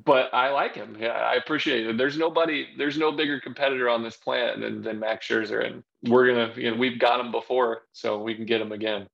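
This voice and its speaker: Gravelly man chatting loosely. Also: mid-range voice, steady tone, a little fast, few pauses, a bit bright. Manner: loose, rambling storytelling with fillers. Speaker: podcast co-host, former pitcher. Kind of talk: casual chat. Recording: dull lo-fi sound.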